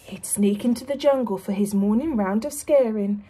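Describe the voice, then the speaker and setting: Expressive woman teacher reading aloud. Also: medium pitch, moderate pace, slightly rough. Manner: warm, expressive, asks the children questions. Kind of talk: reading a picture book to young children.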